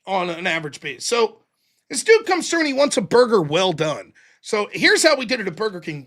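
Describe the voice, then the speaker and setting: A man hosting a livestream, telling stories in a casual, profane, animated way. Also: high-pitched. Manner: profane, animated, yelling in retold quotes. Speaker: livestream host. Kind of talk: casual storytelling.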